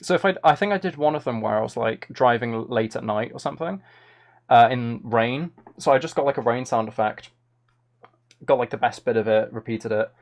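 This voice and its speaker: A man's voice: mid-range voice, a little fast. A man chatting casually on a live stream, answering chat in a playful, rambling, mock-dramatic way.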